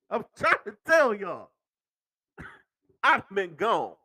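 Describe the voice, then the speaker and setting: A male podcast host delivering an excitable sports rant, swearing freely and laughing through his words. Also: high-pitched, no room sound.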